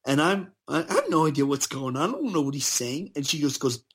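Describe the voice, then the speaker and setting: A man's voice: on the high side, fast talker, background noise. Laughing man telling casual stories. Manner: animated, laughs while telling stories and acts out quoted people. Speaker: guest. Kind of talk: casual storytelling.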